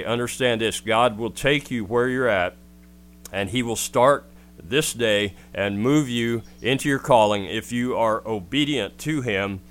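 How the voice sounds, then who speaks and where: A man's voice: medium pitch, a bit bright, clean tone. A man preaching a radio sermon, earnestly urging listeners and reading scripture.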